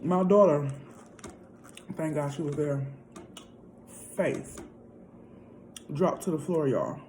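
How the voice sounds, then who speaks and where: A woman's voice: deep voice, slow pace, mellow, a little hiss or hum, low-quality recording. A woman vlogger telling a story in a casual, chatty way, often calling out to her viewers directly. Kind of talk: casual storytime while eating.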